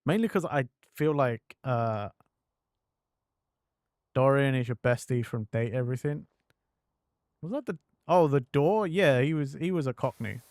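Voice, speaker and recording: A man streaming a game and chatting in a slow, unhurried drawl, rambling with plenty of fillers. His voice sits at a middle pitch, dry and close to the mic. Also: a little mellow, no echo. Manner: rambling, full of fillers, slips into mock accents. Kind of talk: casual chat while gaming.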